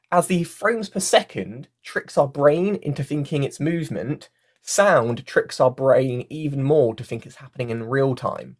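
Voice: mid-range voice, a little mellow. A workshop facilitator giving a casual online lesson, talking into a mic with a fluffy cover and often using fillers like "like" and "you know". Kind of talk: casual online workshop teaching, reading out chat comments. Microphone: mic with a fluffy foam cover.

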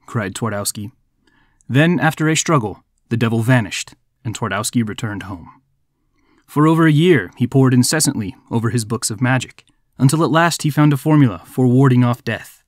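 A man's voice: mid-range voice, lively intonation, moderate pace, dry recording. Man narrating a folk tale, dry close sound. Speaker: podcast host.

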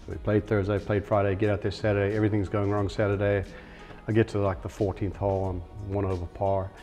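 A man's voice: fairly low pitch, flat delivery, fast talker, mellow, soft background music. A middle-aged man, a golf pro, telling casual self-deprecating anecdotes in an interview.

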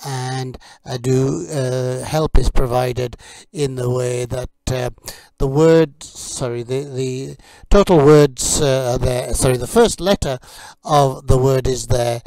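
Guy teaching kitchen words, says each one slow and careful, lots of uhs, warm dark tone. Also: medium pitch, fairly even intonation, dry recording. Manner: slow, deliberate word drills with many fillers. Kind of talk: vocabulary lesson for learners.

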